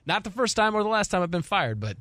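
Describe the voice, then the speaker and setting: Speaking fast in a high voice with no room sound, a man in his forties hosts sports radio and spins a lengthy story in casual conversation. He's an animated storyteller who performs the quotes of the people involved, speaking into a studio mic in a radio studio.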